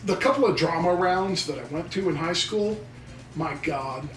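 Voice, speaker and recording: A man's voice: high voice, expressive, moderate pace, a bit bright, echoey room, distant mic, soft background music, low-quality recording. A man co-hosting a casual gameplay video, joking and theatrical as he wanders off on tangents. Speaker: co-host of gaming channel. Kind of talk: casual let's play banter.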